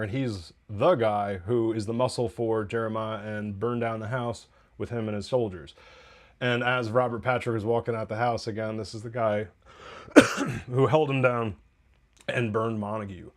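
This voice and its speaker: A man's voice: lowish voice, fairly even intonation, moderate pace. A man hosting a TV review podcast, recapping an episode in a loose, chatty way with profane asides and laughs.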